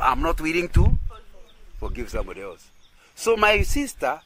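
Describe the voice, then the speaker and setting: A man gives a sermon-style talk with a fairly high voice that swings up and down. He keeps asking listeners to agree and often circles back over the same words. Faint noise sits behind him. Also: sing-song, a little fast. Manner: often checks agreement with "isn't it?"; repeats and restarts phrases. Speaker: Christian teacher.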